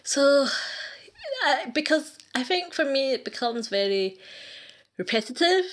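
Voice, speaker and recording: A woman's voice: high voice, expressive, measured pace. Ranting, amused woman gamer. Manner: ranting, amused, laughs often. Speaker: gaming clan leader. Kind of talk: casual chat.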